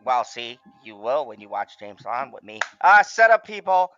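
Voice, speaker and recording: A man hosting a movie watch-along in casual chat, gushing with excitement and swearing freely. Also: mid-range voice, moderate pace, clear, resonant tone, no echo, dull audio, soft background music. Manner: excitable, gushing and heavily profane.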